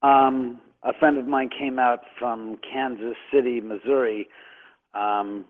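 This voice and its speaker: A man's voice: mid-range voice, steady tone, takes it slowly. A man telling a long, rambling personal story as a radio guest, often stammering and repeating words. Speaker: guest on a call-in radio show. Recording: tinny phone line.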